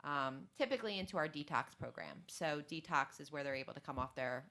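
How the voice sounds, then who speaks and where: A woman with a low, bright voice speaks as a guest on a studio radio show. She explains the steps of a treatment program in a plain, friendly way. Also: lively intonation, a little fast. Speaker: clinical guest. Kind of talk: casual radio talk.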